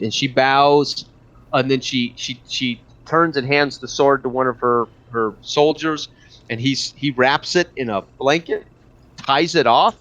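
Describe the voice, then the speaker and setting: A man narrating a tabletop game as game master, halting with fillers and restarts. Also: mid-range voice, fairly bright tone. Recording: dull lo-fi audio.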